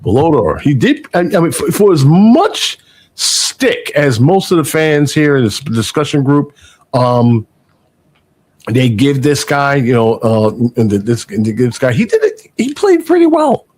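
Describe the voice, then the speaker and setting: A man's voice: mid-range voice, expressive, a little slow, darkish tone. A man hosting a casual sports podcast, rambling with many fillers and restarts as he reads out stats. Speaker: podcast host.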